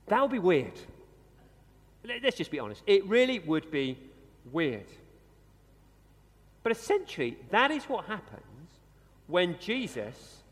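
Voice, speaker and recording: A man preaching a conversational sermon in a church, slowing down and dropping his voice for emphasis. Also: sits high. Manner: conversational, animated, with dramatic pauses and slowed emphasis. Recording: long reverb of a church hall.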